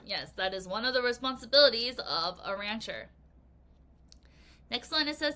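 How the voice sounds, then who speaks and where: A woman teaching an English vocabulary lesson to children, reading aloud with bouncy, expressive emphasis. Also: fairly high pitch, measured pace, pauses often.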